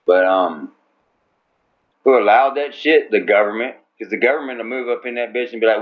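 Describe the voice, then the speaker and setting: A man's voice: mid-range voice, normal speed. Crude profane man on a dull line. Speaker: co-host. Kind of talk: crude talk radio banter. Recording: dull lo-fi sound.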